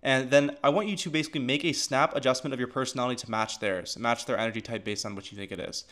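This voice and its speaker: A man's voice: mid-range voice, fast, a bit bright. A man casually teaching how to run sales calls, talking loosely with lots of filler words and restarts. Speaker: agency coach.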